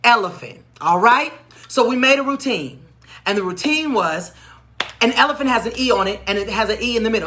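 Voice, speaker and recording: A woman educator telling a classroom story in an animated, expressive way, acting out the voices of the people in it. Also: a little high, brisk. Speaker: educator and tutor. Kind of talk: storytelling teaching talk.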